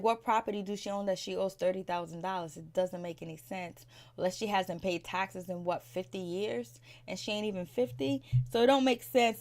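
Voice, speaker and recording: Woman vlogger, casual episode recap, mid pitch, slangy and opinionated, quick laughs. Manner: chatty and opinionated, slangy, many "like"s.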